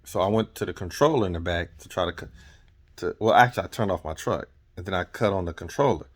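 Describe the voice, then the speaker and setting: A man with a very deep, low voice, talking like a truck driver in a relaxed vlog. He wanders through his story and keeps backing up to correct himself. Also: quick pace. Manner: rambling, chatty, corrects himself often.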